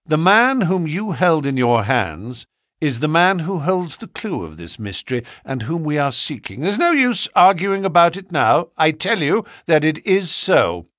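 A man voicing a brilliant, impatient Victorian detective with a crisp, commanding manner in an audiobook. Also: fairly high pitch, big pitch swings, measured pace, fairly bright tone, dry recording, clean studio sound, voice pushed up. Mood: brisk. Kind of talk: audiobook character reading.

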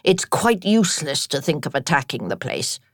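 A woman's voice: sits low, very animated, moderate pace, dry recording, voice pushed down, full character voice. A woman doing a grave, stern old lady badger. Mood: kindly firm. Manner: grave, dry, severe.

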